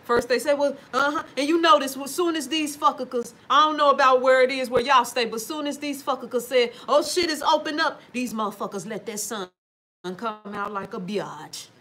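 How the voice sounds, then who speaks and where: Her voice sits high, pushed and bright, at a normal speed. At home on a livestream, she goes through viewer comments in a casual, expletive-filled monologue, addressing her audience directly with plenty of emphasis.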